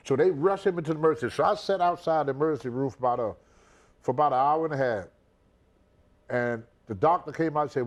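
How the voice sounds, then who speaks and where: An older man, a retired pro wrestler, telling an animated story in an interview and acting out the voices of the people in it. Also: mid-range voice, fast. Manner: animated, acts out everyone's voices.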